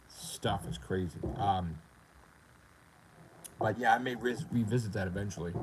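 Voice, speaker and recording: Low-voiced man ranting on a gaming stream. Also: background noise. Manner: profane, boastful, rambling. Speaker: gaming livestreamer. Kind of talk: casual live-stream rant.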